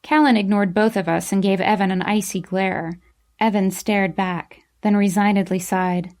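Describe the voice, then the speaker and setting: A young woman narrating a novel in the first person, in a mid-range voice. Her reading is expressive and emotional, carrying the feelings of the story. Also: medium pitch, moderate pace. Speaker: audiobook narrator.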